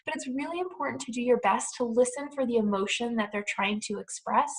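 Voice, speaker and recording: A young American woman, a clinician, giving a calm, clear, reassuring pre-recorded talk to parents, with softly spoken example phrases. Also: on the high side, a little fast, rough recording. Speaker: clinician presenting a parent webinar.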